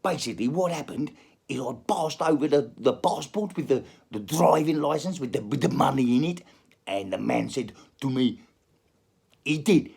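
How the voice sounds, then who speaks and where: A man's voice: medium pitch, gravelly, darkish tone, slightly rough. A man hosting his own show, telling a crude story in a rambling comic monologue full of swearing. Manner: crude, swearing, jumps between put-on accents. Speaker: podcast host.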